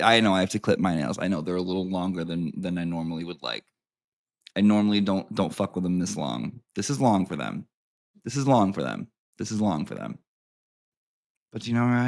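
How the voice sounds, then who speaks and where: Rambling, gravelly-voiced man vlogging. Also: on the low side. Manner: rambling, profane, jokey. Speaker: host. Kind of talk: casual vlog chat and reading. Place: home.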